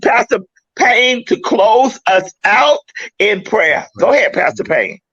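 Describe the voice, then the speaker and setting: A woman's voice: mid-range voice, expressive, slow, breathy edge, no room sound, lo-fi sound. A host with a New York accent closing a call-in show, effusive and laughing as she signs off. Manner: warm, effusive, laughing sign-off.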